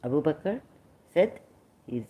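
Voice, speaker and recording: A woman's voice: low-pitched, lively intonation, slow pace, dark tone. A middle-aged woman from Pakistan, giving unscripted religious commentary in a rambling, hesitant way, full of fillers and restarts.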